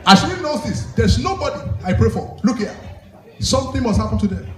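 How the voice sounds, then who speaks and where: Nigerian man, high voice, loud stage banter, roomy far-off live recording, crowd noise. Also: a little fast. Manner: excitable, laughing, calls out to the audience. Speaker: guest performer on stage. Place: live comedy venue indoors. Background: audience and music.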